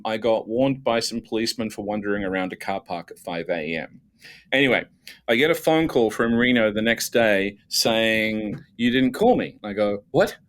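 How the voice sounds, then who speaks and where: A man, a guest telling lively, self-mocking stories from his career with many restarts. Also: lowish voice. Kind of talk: casual storytelling.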